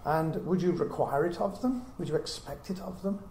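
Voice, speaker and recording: A man's voice: a little high, normal speed, a little mellow. Earnest man teaching in an echoey room. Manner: earnest, reasoning with rhetorical questions. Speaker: Bible teacher. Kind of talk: teaching talk to a small group. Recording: echoey room with faint hiss.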